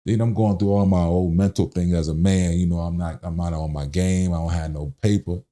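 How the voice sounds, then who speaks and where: A low-pitched, mellow-toned middle-aged man tells a long personal story as a podcast guest. He talks in casual slang and acts out quoted lines with animation. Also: fairly even intonation, a little fast.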